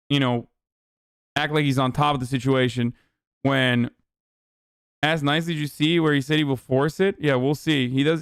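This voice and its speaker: A man's voice: fairly high pitch, fairly bright tone, clean tone, dry recording, studio quality. A young man streaming political commentary, ranting bluntly with a lot of swearing and exasperation. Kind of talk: casual livestream commentary.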